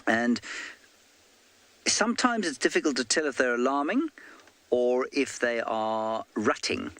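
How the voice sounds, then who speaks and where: A man's voice: mid-range voice, lively intonation, measured pace, fairly bright tone, no room sound. A man safari field guide explaining animal behaviour in friendly live commentary outdoors. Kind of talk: live game-drive commentary. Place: outdoors on a game drive.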